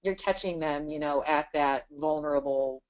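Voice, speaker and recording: In dull lo-fi webinar audio, a woman in her thirties who runs a business chats casually during an interview. Her voice sits low at normal speed, and "you know" pops up constantly.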